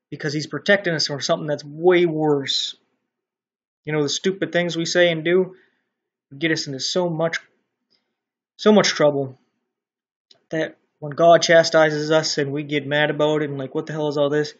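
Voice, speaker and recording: A man preaching casually and bluntly, with mild swearing, and growing louder and more animated when he makes a point. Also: fairly high pitch. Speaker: online Christian commentator. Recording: dull lo-fi sound.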